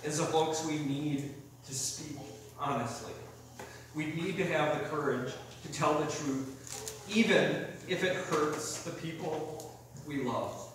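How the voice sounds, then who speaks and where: A man's voice: a little high, takes it slowly, a bit bright, far from the mic. A young adult man preaching a sermon as a pastor, earnest and conversational, telling personal stories. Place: church sanctuary. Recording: echoey church hall mic from afar with noise.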